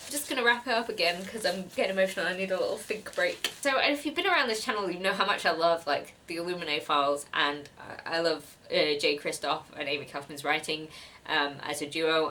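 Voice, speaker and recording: A woman's voice: fairly low pitch, a little fast, bright, forceful tone. A young woman chatting casually as a book vlogger, giggly and gushing about her gifts. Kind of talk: casual chat.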